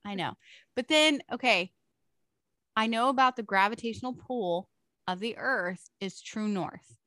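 A woman's voice: a little high, a little slow, fairly bright tone, no room sound. A young woman with a Californian accent chatting casually, telling stories, laughing a lot and saying dude and like often. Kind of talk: casual chat.

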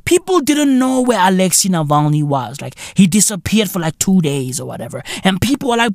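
A man hosting a podcast, ranting solo with loud swearing, swinging between shouts and low muttering. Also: big pitch swings, normal speed, hardly any pauses, dry recording, studio quality. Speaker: podcast host. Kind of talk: solo comedic rant.

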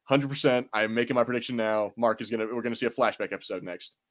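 A young man hosts a podcast in casual chat, animated and quick to curse. His pitch jumps whenever he gets excited.

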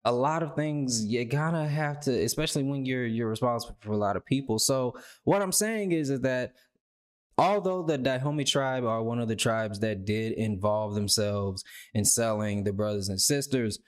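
A man hosting a podcast, talking in a rambling, casual way, swearing freely and restarting his words. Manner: rambling, profane, repeats words, voices imagined people with a raised pitch. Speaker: podcast host. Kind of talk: casual commentary.

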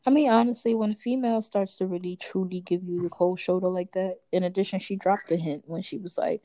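A woman co-hosting a podcast in relaxed chat, giving plain-spoken relationship advice. Her voice is fairly low, with a dark, mellow tone. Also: fairly quick, hardly any pauses, no room sound, rough recording. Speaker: podcast co-host. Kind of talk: casual chat.

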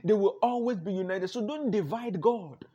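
A man's voice: high-pitched, moderate pace, dark tone, breathy edge, dull audio. A man preaching a sermon as pastor, emphatic and repetitive, often saying "no, no" with a chuckle.

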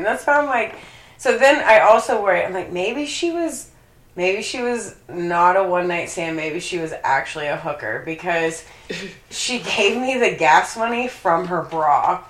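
A woman's voice: medium pitch, a bit bright. A young woman telling a story in casual chat, swearing and laughing often. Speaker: co-host. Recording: echoey room.

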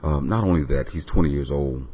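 A man's voice: rumbling low, fairly quick, warm tone, a little hiss or hum. A man hosting his own music podcast, talking loosely with many ums and uhs. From Florida. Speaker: podcast host. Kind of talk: casual podcast monologue.

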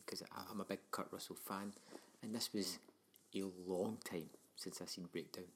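A man with a low voice and a husky edge talks films with his co-host. His delivery rambles, full of ums and likes as he works toward his point. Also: fairly even intonation, moderate pace, a bit bright. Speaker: podcast co-host. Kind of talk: casual film review chat.

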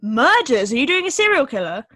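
A woman's voice: sits high, big pitch swings, brisk, pushed and bright, no echo. A young woman, co-hosting a podcast in a giggly, playful casual chat. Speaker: podcast co-host.

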